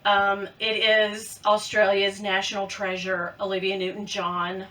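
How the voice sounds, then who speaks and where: A woman vlogger chatting casually to camera about luxury bags, playful and quick to giggle. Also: mid-range voice, level tone, sharp tone, distant mic, poor audio.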